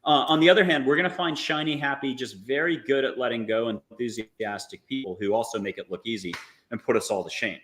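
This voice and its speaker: Male guest, animated coaxing guide, playful jokes, mid-range voice. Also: medium pitch, brisk. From United States. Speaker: guest, angel intuitive. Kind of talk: guided visualization talk.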